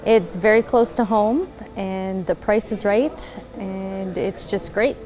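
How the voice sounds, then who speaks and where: A woman's voice: mid-range voice, slow, a little mellow, rough recording. A woman who goes to the local theater, speaking cheerfully in a short interview. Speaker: theater customer. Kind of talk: casual interview.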